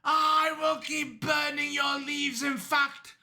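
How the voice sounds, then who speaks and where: Man doing a threatening interrogator cop, drawn out and deliberate. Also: very high-pitched, level tone, gravelly, pushed and bright, pitched above the performer's own voice, heavily acted. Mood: menacing. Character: stern male cop interrogating a suspect.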